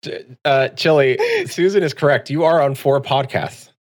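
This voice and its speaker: A man's voice: mid-range voice, fairly even intonation, moderate pace. A man hosting a casual podcast chat, laughing often and teasing his guests. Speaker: podcast host.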